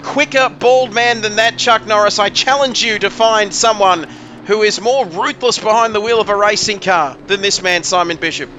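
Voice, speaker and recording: A man doing excitable, joking play-by-play commentary on a sim race. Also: sits high, normal speed, slight background noise.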